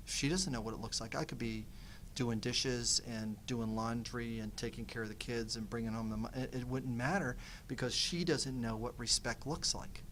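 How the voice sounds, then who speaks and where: A man's voice: medium pitch, a little hiss or hum. A middle-aged man teaching nonviolent communication, telling a personal story on a panel and acting out both sides of a conversation. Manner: animated, acts out dialogue.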